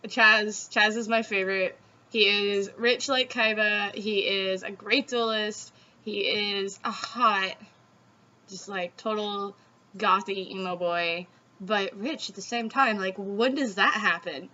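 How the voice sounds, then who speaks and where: A Southeastern US woman with a Southern accent hosts an easygoing talk, laughing and cursing freely. She talks slowly in a steady, medium-pitched voice that's bright and forceful. Slight background noise sits under the dull, lo-fi recording.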